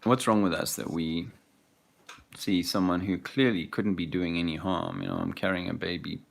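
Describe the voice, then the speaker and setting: A man's voice: sits low, fairly even intonation, moderate pace, vocal fry. A man talking hesitantly with many fillers as he walks outdoors, reflecting in a casual vlog. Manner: rambling, hesitant, full of fillers. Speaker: father, vlogger. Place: outdoors, walking a park path.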